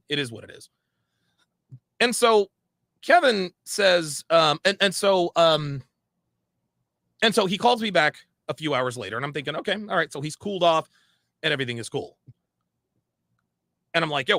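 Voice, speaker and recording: A man retells a past dispute in a lively, gravelly voice that swings widely in pitch. He is emphatic and often repeats and restarts his phrases. The sound is close and dry. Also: no room sound. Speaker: podcast guest recounting a story. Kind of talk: animated storytelling.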